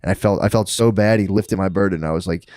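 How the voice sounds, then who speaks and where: Guy on a podcast talking fast, swears a lot, laughs a bunch, dry close mic. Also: sits low, darkish tone, dry recording. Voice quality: laughs often, swears freely. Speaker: podcast co-host. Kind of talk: casual chat.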